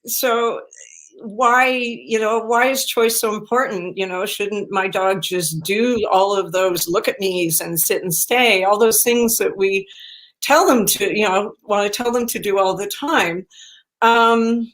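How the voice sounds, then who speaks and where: A woman's voice: medium pitch, fairly even intonation, unhurried, a bit bright. Chatty woman dog trainer, full of fillers. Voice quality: chatty, many fillers, acts out dog voices. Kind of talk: casual chat.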